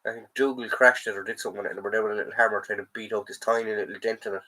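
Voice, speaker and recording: A man's voice: on the low side, flat delivery, rapid-fire, bright, forceful tone, low-quality recording. An Irish man with a sore throat hosting a casual live stream, rambling and answering chat comments as he goes.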